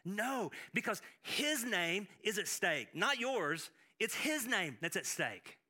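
A man preaching a sermon as pastor, animated, with frequent restarts and acted-out quotes. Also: sits high, slow.

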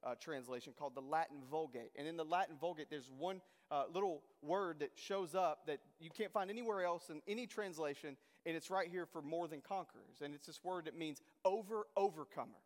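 A man's voice: fairly high pitch, a little fast, hardly any pauses, long reverb tail. A man preaching a sermon as a pastor, reading scripture aloud and then driving it home with impassioned, emphatic declarations.

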